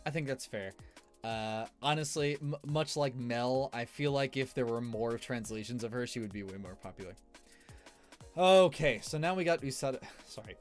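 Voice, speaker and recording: A man's voice: mid-range voice, normal speed, soft background music. Rambling, laughing male streamer. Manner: rambling, laughs often, many fillers. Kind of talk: casual tier-list commentary.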